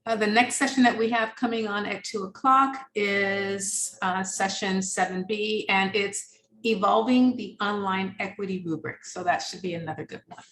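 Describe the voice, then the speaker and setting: A woman's voice: medium pitch, fairly even intonation, moderate pace, a bit bright, echoey room. A woman moderating an online conference session, enthusiastic and gushing with thanks. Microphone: video call.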